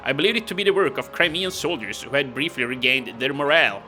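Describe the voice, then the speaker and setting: Haughty enemy commander guy, a man reading it out, bright tone, formal questions. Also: medium pitch, animated, quick pace, soft background music. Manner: formal, inquisitive reading of game text.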